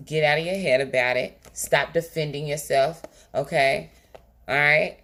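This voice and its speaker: Low-voiced woman giving an emphatic tarot reading. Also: fairly even intonation, unhurried, a bit bright. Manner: emphatic, repeating and checking in with "okay?"; casual, colloquial, teasing. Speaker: tarot reader. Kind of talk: direct-to-camera tarot reading.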